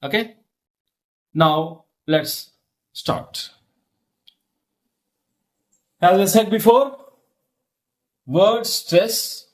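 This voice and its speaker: A middle-aged man, teaching slowly and repeating himself, often asking if the listener follows. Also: sits high. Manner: slow, repetitive, checks understanding often. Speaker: English lecturer. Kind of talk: classroom-style teaching.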